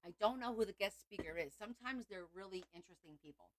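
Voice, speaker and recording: A woman's voice: medium pitch, expressive, quick pace, no echo, low-quality recording. A woman hosting a craft livestream, chatting casually and rambling as she talks to viewers.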